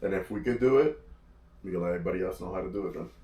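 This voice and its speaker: Co-host, very low male voice, easygoing and repetitive, far from the mic in an echoey room. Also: rapid-fire, warm tone, a little hiss or hum. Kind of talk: casual chat. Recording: roomy echo, distant mic.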